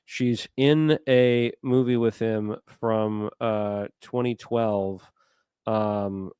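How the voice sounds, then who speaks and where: A man's voice: on the low side, steady tone, very slow, dark tone, clear, resonant tone, dry recording. A man co-hosting a podcast, chatting casually and wandering into asides while he searches for names. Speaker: podcast co-host. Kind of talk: casual chat.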